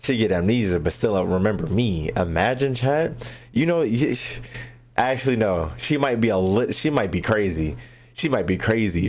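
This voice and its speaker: A man's voice: fairly low pitch, animated, moderate pace. Man joking through a game playthrough. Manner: loud, joking, profane banter. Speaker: gaming streamer. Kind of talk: let's play commentary.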